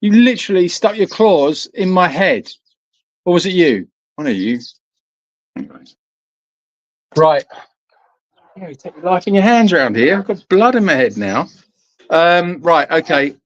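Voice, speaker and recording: A man's voice: fairly high pitch, sing-song, a little slow, pauses often, no room sound, highs cut off. A man with a Glasgow accent co-hosting a casual livestream, flustered, swearing mildly and laughing through it. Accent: Glaswegian. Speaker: sanctuary co-host.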